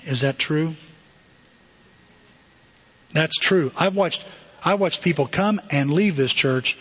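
A man's voice: a little high, unhurried, long pauses, slightly rough. A man preaching a sermon as a pastor, talking in a conversational way and asking the congregation questions. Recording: dull lo-fi sound.

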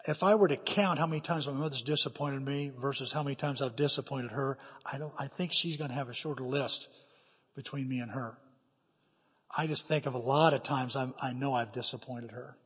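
A man's voice: medium pitch, breathy edge. A middle-aged man preaching a sermon as a pastor, telling personal stories with emphatic, dramatic quoted asides. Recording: hall reverb.

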